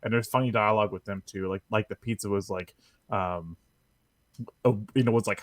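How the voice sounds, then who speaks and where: A man's voice: on the low side, steady tone, a little fast, no room sound, clean studio sound. A man chatting casually on a gaming podcast, reviewing a game with lots of fillers and chuckles. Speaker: podcast co-host.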